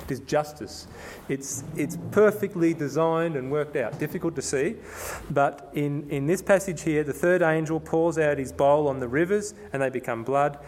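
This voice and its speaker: A man with a slightly raised pitch gives a conversational sermon, often restarting his sentences. He reads the scripture passages slowly and with weight. There is a faint hiss of noise under the recording. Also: a little mellow. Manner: conversational, with frequent restarts and repetitions. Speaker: preacher. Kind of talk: sermon, Bible exposition.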